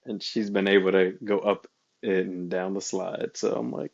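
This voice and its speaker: Male co-host, lowish voice, lively storytelling delivery, dull remote audio. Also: moderate pace, vocal fry. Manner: animated storytelling, laughs often. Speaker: podcast co-host. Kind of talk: casual chat.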